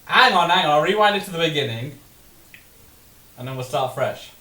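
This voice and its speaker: A man's voice: a little high, animated, fairly quick, pushed and bright. Chuckling man hosting a watch party. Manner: chuckles often, dry teasing remarks. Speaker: channel host. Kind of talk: casual watch-party chat. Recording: echoey room with faint hiss.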